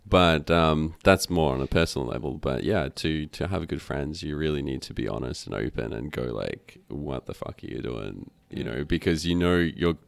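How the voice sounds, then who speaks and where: Man, very deep voice, dry close recording, rambling with fillers. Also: normal speed, creaky, hardly any pauses, dry recording. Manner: rambling, with many fillers and restarts. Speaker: podcast guest. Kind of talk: casual conversation. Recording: dry close-miked sound.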